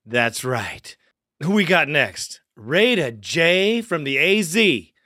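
A man's voice: on the high side, sing-song, slow pace, pushed and bright, no room sound, studio quality. A man hosting a fan call-in sports show, hyped and profane, calling callers partner. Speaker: podcast host.

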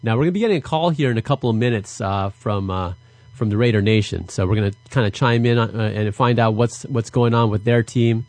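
An upbeat male co-host rambling about the week's game, full of fillers. His voice is mid-pitched and sounds dry and close. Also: a little fast, a little mellow, dry recording. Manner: upbeat, talks with lots of fillers. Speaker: podcast co-host. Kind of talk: casual sports chat.

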